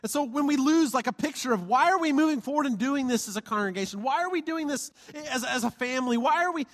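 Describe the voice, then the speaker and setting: Man, pastor, high voice, preaching, playful, reverberant hall. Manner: animated, playful, asks the congregation for amens. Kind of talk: sermon. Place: church sanctuary.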